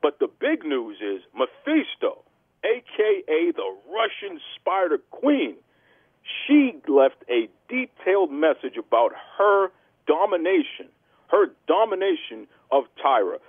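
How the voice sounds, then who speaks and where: A man's voice: a little high, wildly swooping pitch, measured pace, vocal fry, husky, dry recording, narrow, tinny audio. A man hosting a casual wrestling podcast, with a hype-man announcer delivery. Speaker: podcast host.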